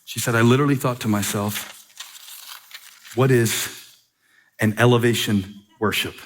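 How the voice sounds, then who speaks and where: A man preaching a sermon in a church, reading a letter aloud with dramatic pauses and repetition. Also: mid-range voice, fairly even intonation, a little hiss or hum. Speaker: pastor. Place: church sanctuary.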